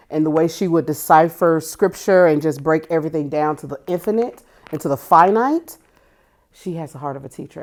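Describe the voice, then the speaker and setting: A woman from Tennessee who works as a school family and community liaison, answering interview questions with careful, clearly enunciated speech. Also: deep voice, darkish tone.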